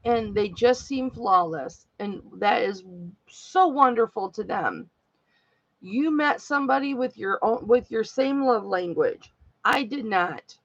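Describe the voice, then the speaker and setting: Slow gravelly-voiced woman chatting candidly. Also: a little high, a bit bright, no room sound, lo-fi sound. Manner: heartfelt, rambling, candid. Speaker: live-stream jewelry seller. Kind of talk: casual live-stream chat to viewers.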